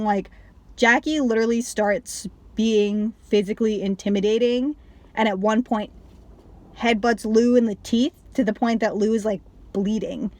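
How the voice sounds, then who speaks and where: A woman chatting through a film review in a loose, rambling way, peppering nearly every phrase with "like". Her pitch sits in an ordinary middle range. She sounds emotionally invested, sighing and going quiet when a scene upsets her. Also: steady tone, moderate pace, dry recording. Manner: rambling, heavy use of "like", trails off and restarts. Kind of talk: casual spoken film review.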